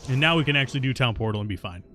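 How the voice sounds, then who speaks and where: A man streams a video game live, racing through casual chat and answering viewers' questions between plays. His medium-pitched voice is animated, pushed and bright, and he comes across as stubborn and self-mocking. There's slight background noise.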